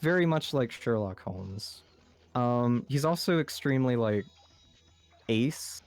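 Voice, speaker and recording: A man's voice: medium pitch, lively intonation, slow pace. A man with a slight lisp and a general American accent, rambling through a casual podcast chat with lots of fillers. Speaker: podcast co-host.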